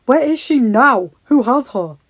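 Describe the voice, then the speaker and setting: A woman voicing a young prince in a storybook reading, stern and trying to stay calm, with a dry, muffled sound. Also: high voice, measured pace, no echo, pitched above the performer's own voice, exaggerated voice. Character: young prince, earnest and strained, commanding.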